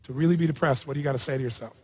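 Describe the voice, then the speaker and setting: A man of medium pitch, with a darkish, breathy-edged tone, races through his live seminar. He coaches a participant bluntly and provocatively in front of the audience, swearing freely. Long reverb fills the large hall.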